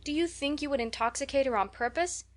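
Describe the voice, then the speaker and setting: Brief: dramatic, pleading young girl in a storybook, put on by a woman narrator; pitched up. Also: quick pace, natural voice. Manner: high-flown, theatrical pleading.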